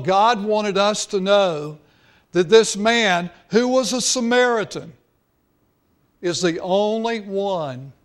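Slow, high-voiced male preacher. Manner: earnest, drawn-out emphasis. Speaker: pastor. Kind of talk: sermon.

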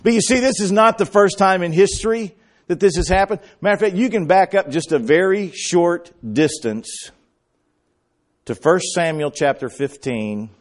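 A man preaching a sermon, retelling scripture as a lively story and acting out the quoted lines, with bursts of emphasis. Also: sits high, moderate pace. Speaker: pastor.

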